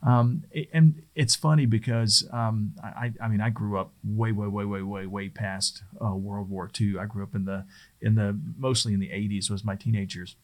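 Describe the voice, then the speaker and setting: Man, middle-aged, slightly low pitch, presentation skills trainer, casual instructional talk, conversational, stumbles and restarts. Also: steady tone, normal speed. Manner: rambling, conversational, frequent restarts.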